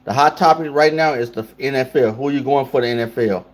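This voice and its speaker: A man's voice: mid-range voice, fast. A man hosting a casual livestream, talking loosely and in slang straight to his chat. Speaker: livestream host.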